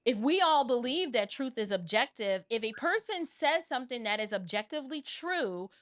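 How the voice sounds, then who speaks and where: A woman from the Bronx hosting a live online panel discussion over a video call, talking in a casual, animated and emphatic way. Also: fairly high pitch, normal speed, no echo, clean studio sound. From the Bronx, New York. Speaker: host.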